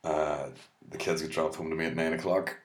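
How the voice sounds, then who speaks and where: An Irish man doing stand-up, rambling and swearing freely with a deadpan edge. His voice is very low, and the room gives it a clear echo. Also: brisk. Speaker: comedian. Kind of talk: stand-up monologue. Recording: echoey room.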